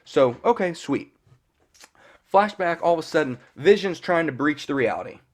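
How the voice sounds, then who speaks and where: A man's voice: a little high, expressive, normal speed. A man giving a casual, rambling episode recap as a fan reviewer, full of fillers and mild swearing.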